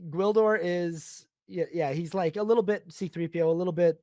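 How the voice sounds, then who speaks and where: A man hosting a casual film podcast, animated and often acting out characters in silly quoted voices. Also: high-pitched, fairly quick, dry recording, clean studio sound. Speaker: podcast host.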